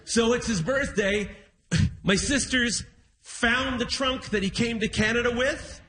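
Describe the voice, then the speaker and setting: High, bright-voiced stand-up comedian. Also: male voice, measured pace. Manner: animated storyteller, acts out quotes. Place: live stage in a music hall.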